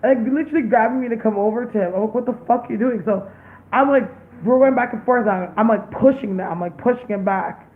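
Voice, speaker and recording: A woman's voice: a little high, fairly quick. Profane, blunt young woman, tinny sound. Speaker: psychic medium vlogger. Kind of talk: casual storytelling. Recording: tinny phone-like sound, faint hiss.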